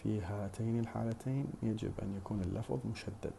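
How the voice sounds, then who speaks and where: A man with a low, gravelly, mellow voice lectures on phonetics at a slow, careful pace. He repeats his example phrases and stops often on "uh" while he explains. A faint hiss of background noise sits under the recording.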